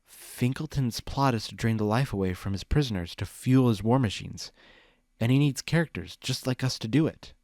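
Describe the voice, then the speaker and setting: A nervous young male dragon, as a man reading aloud puts him on frets in a higher, anxious voice. The storybook reading is dry and close. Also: moderate pace, a little mellow, dry recording, close to an everyday voice. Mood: grim. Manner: anxious, jittery.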